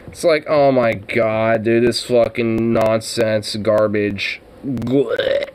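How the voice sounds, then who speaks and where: Slow-talking, exasperated, profane man. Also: lowish voice, little pitch movement, clear, resonant tone. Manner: exasperated, mocking, swears heavily. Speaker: streamer reacting to a news clip. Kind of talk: profane reaction commentary.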